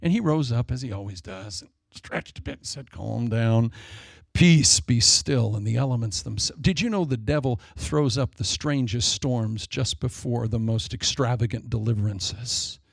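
Gravelly preacher man, dry sound. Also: medium pitch, no echo. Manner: dramatic, acts out demons and people in quick asides. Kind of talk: sermon.

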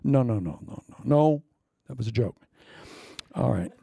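Gravelly middle-aged male pastor, joking. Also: medium pitch, lively intonation, moderate pace, dark tone, dry recording. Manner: joking, conversational, with laughing asides. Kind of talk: sermon.

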